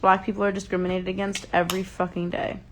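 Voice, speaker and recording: A woman's voice: mid-range voice, flat delivery, fast talker, a little hiss or hum. A young woman hosting a casual livestream from home, passionately ranting and swearing, openly upset. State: upset and enraged. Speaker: livestream host. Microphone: phone.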